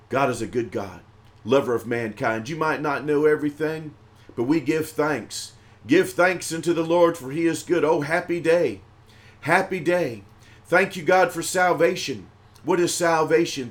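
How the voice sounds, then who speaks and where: A man preaching a livestreamed praise and thanksgiving sermon, his voice sitting a little high. He talks in rhythmic, repeated exhortations and grows louder on the lines of praise.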